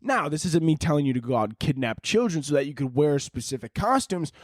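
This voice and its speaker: Brief: young guy, higher-pitched voice, swearing comic ramble, dry close sound. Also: expressive, fairly quick, no echo. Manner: profane, rambling, jokey rant. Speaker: podcast host. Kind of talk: casual comedic podcast monologue.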